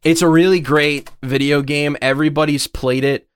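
A man co-hosting a podcast in casual chat, excitable and profane and laughing often. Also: fairly high pitch, normal speed, smooth. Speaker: podcast co-host.

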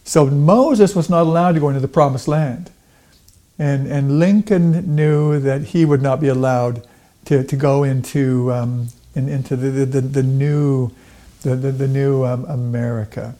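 A middle-aged man talking casually in an interview, halting and repeating words with many fillers. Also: medium pitch, steady tone, dark tone. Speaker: guest, Lincoln portrayer.

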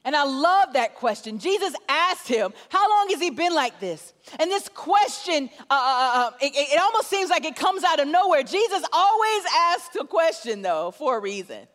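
A woman's voice: high-pitched, big pitch swings, normal speed, few pauses, a bit bright. Woman preacher, sermon, conversational, emphatic repetition, long hall echo.

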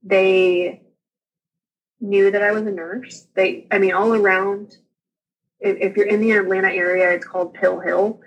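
A woman, a podcast guest candidly retelling her own experience with lively asides. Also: medium pitch, measured pace, husky, highs cut off. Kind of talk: casual storytelling interview.

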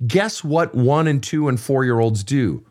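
A man's voice: medium pitch, animated, a little slow, mellow. Blunt, probing male counselor. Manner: blunt, probing, swears freely, repeats questions. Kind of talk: counseling session.

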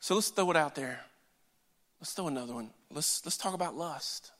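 A man preaching a sermon in an earnest, emphatic way, swinging between loud declarations and hushed asides. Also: a little high, normal speed. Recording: long hall reverb.

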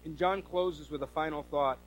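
Male preacher from the Northwest, higher-pitched, lively sermon delivery with acted-out quotes. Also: moderate pace, soft background music, rough recording. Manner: animated storytelling with quoted voices. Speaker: pastor.

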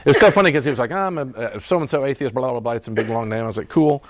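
A man's voice: medium pitch, very fast, dry recording. A man preaching a sermon in a conversational style, acting out quoted voices and laughing as he goes. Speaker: pastor.

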